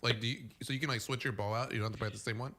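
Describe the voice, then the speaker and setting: Man, morning show co-host, joking and teasing, talks fast, bright tone. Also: medium pitch, steady tone. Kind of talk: casual morning show chat.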